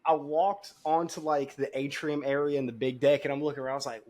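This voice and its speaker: A man's voice: fairly high pitch, steady tone, quick pace, a little mellow. A man from South Carolina with a Southern accent, telling stories in a laid-back way as a podcast panelist. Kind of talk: casual chat, storytelling.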